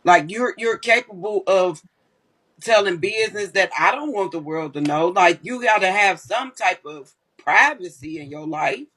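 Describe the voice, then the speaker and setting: A man's voice: sits high, animated, moderate pace, bright, forceful tone. A man speaking bluntly and emphatically, with profanity, as a live stream co-host. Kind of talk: casual commentary.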